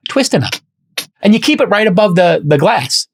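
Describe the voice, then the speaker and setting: Telling stories in casual chat, this middle-aged man hosting a podcast plays both parts of the conversations he recounts. His high voice is very animated and a bit breathy, moving at a moderate pace.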